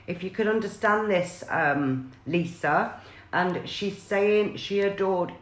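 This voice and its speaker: A woman's voice: medium pitch, slow, echoey room. A woman, chatting on a live stream as a psychic medium and passing on messages with many fillers and restarts.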